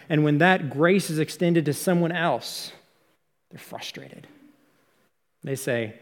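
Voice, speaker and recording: An earnest man preaches a sermon, working through the text and posing rhetorical questions. His voice sits a little high for a man. It rings out with a long reverb, as if he is in a large hall. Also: a little mellow. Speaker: pastor.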